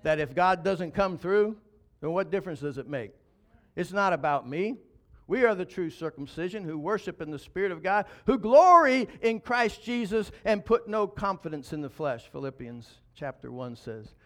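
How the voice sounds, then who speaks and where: Male pastor, high voice, emphatic sermon delivery with rhetorical questions. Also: lively intonation, normal speed.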